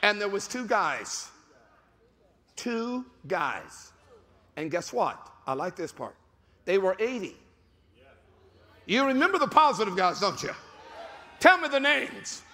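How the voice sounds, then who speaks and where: High, bright-voiced preaching man, shouting. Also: big pitch swings, unhurried, pauses often. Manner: shouting, preaching with rising bursts. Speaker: pastor. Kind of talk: sermon. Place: large church hall. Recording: reverberant church hall with music.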